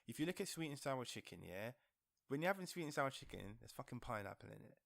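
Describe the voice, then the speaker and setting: Guy ranting on a podcast, gravelly voice, keeps repeating himself, super dry close mic. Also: medium pitch, very animated, quick pace, fairly bright tone, no echo. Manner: swears often, repeats himself, insistent. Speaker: podcast co-host. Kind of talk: heated casual argument.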